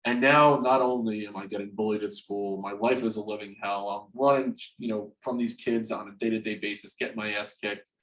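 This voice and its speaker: A man in his forties from New Jersey, a guest in an interview, telling a personal story frankly and haltingly, restarting and repeating words and swearing freely. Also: lowish voice, low-quality recording. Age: 40s.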